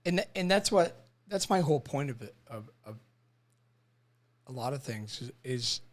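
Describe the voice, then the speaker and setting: A young man on a podcast talking haltingly and often repeating his words, with his voice trailing off at times. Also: medium pitch, animated. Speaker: podcast co-host, veteran. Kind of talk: casual conversation.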